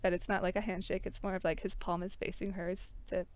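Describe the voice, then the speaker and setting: A woman narrating her character in a casual tabletop role-play, animated and laughing often. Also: lowish voice, brisk.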